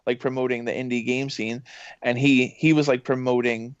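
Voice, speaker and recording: A man, a voice actor and games journalist, telling rambling podcast stories in an excitable way, full of fillers and acted-out quotes. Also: medium pitch, normal speed, no echo. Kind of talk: casual podcast storytelling. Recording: muffled dry podcast audio.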